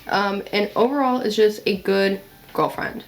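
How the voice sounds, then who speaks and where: A woman's voice: medium pitch, unhurried, slight background noise. A young woman making a casual commentary vlog. She talks in a blunt, chatty way, swears now and then and uses a lot of "like". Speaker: video essayist.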